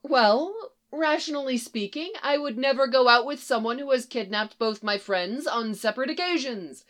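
A woman's voice: sits high, lively intonation, moderate pace, a bit bright, voice pushed up. A woman voicing an earnest, sensible young woman giving advice. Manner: earnest, reasoned.

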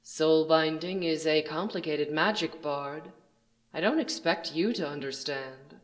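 A storyteller voicing a scheming mage who speaks quietly and coldly, with open condescension. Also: medium pitch, a little slow, natural voice.

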